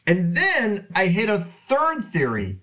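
Reading scripture aloud, a man gives an earnest, animated, and casual Bible lesson. His voice sits high and his pace is slow, while the recording has its highs cut off.

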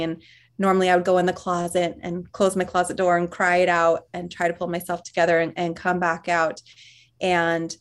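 A woman guest speaking earnestly and reflectively in an interview, laughing softly between thoughts. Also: fairly low pitch. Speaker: author and parent guest. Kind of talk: conversational interview.

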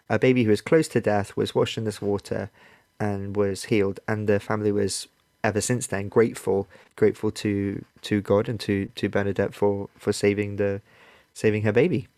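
A man co-hosting a podcast, telling a story casually, halting and repeating words as he searches for them. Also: fairly low pitch, darkish tone, no room sound, studio quality. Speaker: podcast co-host.

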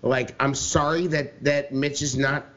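A man on a sports podcast rants heatedly, swearing constantly and piling up filler words as he goes. His voice sits at an everyday middle pitch. The recording sounds slightly dull and lo-fi. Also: steady tone, unhurried, a bit bright. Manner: ranting, heated, swears a lot, many fillers. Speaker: podcast co-host. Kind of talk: profane sports podcast rant.

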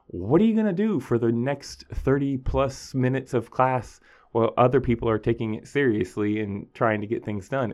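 Animated storytelling teacher. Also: male voice. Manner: animated storytelling, acting out students in a higher voice. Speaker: high school teacher. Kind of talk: casual podcast monologue.

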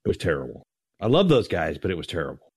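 Deep-voiced blunt joking man. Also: sing-song, fast, a little mellow, slightly rough, no room sound, studio quality. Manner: blunt, crude joking questions. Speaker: podcast co-host. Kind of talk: casual podcast chat.

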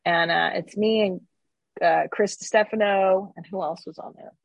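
Comedian lady from canada, jokey and sarcastic, a bit husky, dry close mic. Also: medium pitch, a little slow, dry recording, poor audio. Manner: joking, sarcastic, animated. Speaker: comedian guest. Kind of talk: casual interview chat.

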